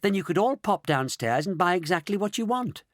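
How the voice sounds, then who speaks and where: A man's voice: high-pitched, very animated, fairly quick, no echo, studio quality, voice pushed up. Male reader as an eager young boy in a storybook, lifted and light. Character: bright, clever young boy.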